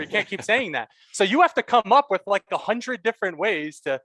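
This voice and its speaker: A man co-hosting a casual sports podcast, chatting with quick, emphatic, blunt opinions. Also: high voice, animated, fairly bright tone. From Canada. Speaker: podcast co-host.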